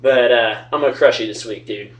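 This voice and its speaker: This mid-range male voice comes a little fast, with the highs cut off, picked up by a distant webcam mic. He's a young man running a fantasy football league, casually trash talking, joking, swearing and storytelling from home.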